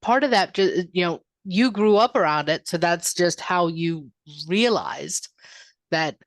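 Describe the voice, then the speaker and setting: Lower-voiced woman on a podcast, calm and thoughtful, dry close sound. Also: unhurried, dry recording. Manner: calm, reflective, explains thoughtfully. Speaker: podcast co-host. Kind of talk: casual podcast chat.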